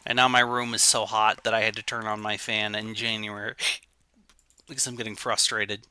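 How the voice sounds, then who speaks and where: A man's voice: fairly low pitch, level tone, moderate pace, bright, forceful tone, clean tone, no room sound. A man streaming games live, muttering in frustration as his setup keeps failing. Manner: frustrated muttering over technical trouble. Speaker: game streamer.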